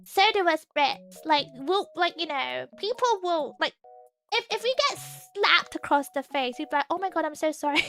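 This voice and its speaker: Super high squeaky english girl streamer, bouncy bright voice, giggles a lot. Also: animated, moderate pace, creaky, soft background music. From England. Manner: giggly, bubbly, rambling with many fillers. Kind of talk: casual chat.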